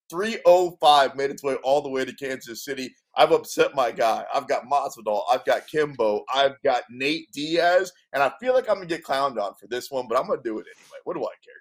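Male sports radio host, mid pitch, emphatic and hyped, sells every pick. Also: fairly bright tone. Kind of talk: casual sports radio banter.

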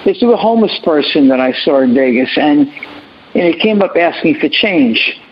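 A man's voice: fairly high pitch, expressive, normal speed, lo-fi sound, background noise. A man speaking as an educator on a panel, earnest and preachy, often repeating his phrases. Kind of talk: impassioned panel remarks.

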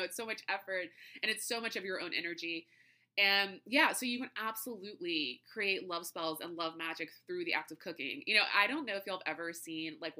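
Young woman podcast host, very bright tone, casual rambling chat with frequent laughs and filler words. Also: medium pitch. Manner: chatty, laughing often, full of fillers like "like" and "you know".

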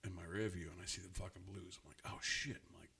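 A man's voice: deep voice, level tone, fast talker, vocal fry, husky. A man in casual podcast chat, telling a profane story and acting out his own lines. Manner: profane storyteller, quotes himself. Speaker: podcast co-host.

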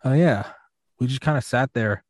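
A man's voice: mid-range voice, moderate pace, a crowd in the background. A man hosting a podcast, telling a rambling, profane drinking story in casual chat. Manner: rambling and profane, full of fillers and restarts. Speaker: podcast host.

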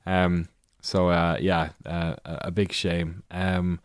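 Guy with a lowish voice chatting on a podcast, lots of uhs and ums, dry close sound. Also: flat delivery, takes it slowly, no room sound. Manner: filler-heavy, hesitant, dry sarcastic asides. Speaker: podcast co-host. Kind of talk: casual chat.

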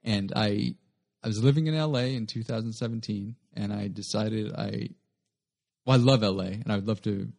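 A man's voice: on the low side, normal speed, vocal fry, darkish tone. A young adult man, a guest comedian, telling a rambling story in a casual interview and often correcting himself mid-sentence.

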